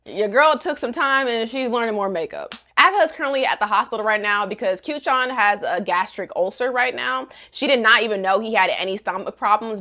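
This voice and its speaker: A woman's voice: mid-range voice, fairly bright tone. A young woman recapping a manga in casual, sassy commentary with joking asides.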